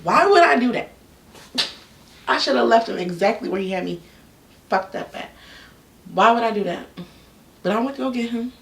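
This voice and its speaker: A young woman telling a personal story in a casual, candid vlog, full of slang and animated asides. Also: on the high side, normal speed, vocal fry, pauses often, slight background noise. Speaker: YouTube storyteller. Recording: echoey room, a bit off-mic.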